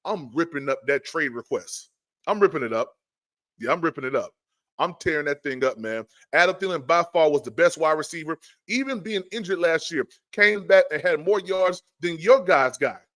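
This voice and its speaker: Animated, high-voiced fired-up man. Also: normal speed. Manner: animated, exasperated, stammering repeats. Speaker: podcast host. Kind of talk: fired-up sports podcast rant.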